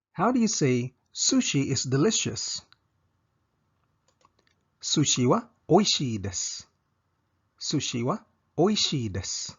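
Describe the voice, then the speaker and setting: A man teaching a language lesson, saying each example slowly and repeating it twice. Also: mid-range voice, breathy edge, highs cut off.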